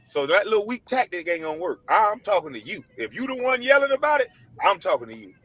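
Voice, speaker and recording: Male online commentator, high bright voice, emphatic and preachy, slangy and repetitive, computer mic. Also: sing-song, fast, low-quality recording. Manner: emphatic, preachy, repeats his points; blunt, casual slang. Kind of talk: ranting monologue to camera.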